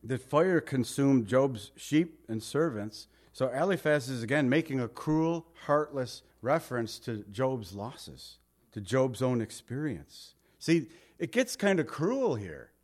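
A male pastor preaches verse by verse in a relaxed, conversational way. His voice sits at a middle pitch and turns emphatic on key points. He often drops to a soft murmur at the ends of phrases. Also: takes it slowly. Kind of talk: verse-by-verse sermon.

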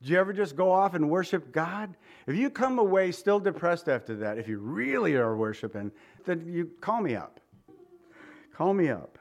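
A man preaching a sermon, animated and acting out the voices he quotes. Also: fairly high pitch. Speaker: pastor.

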